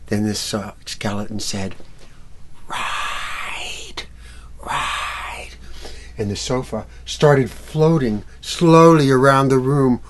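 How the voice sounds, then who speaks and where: Slow-paced animated male storyteller. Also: medium pitch, slight background noise. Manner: animated, acts out characters and sound effects. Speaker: musical storyteller. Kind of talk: storytelling for children. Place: library event.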